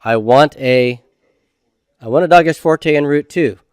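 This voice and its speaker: A man's voice: fairly high pitch, a little slow, smooth, dry recording. Man, middle-aged, grammar lecture, patient, questions then answers, dry close sound. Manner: patient, asks students questions then answers them himself. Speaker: Hebrew grammar teacher. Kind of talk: recorded classroom lecture.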